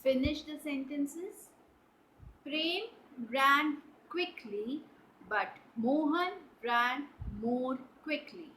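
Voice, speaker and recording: A woman teaching schoolchildren grammar at a very unhurried pace, checking often that they understand. Her voice sits a little high and sounds bright. A faint hum of room ambience runs under her words. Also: low-quality recording. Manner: slow, explaining and checking with "right?" and "clear?". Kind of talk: online English grammar lesson for children.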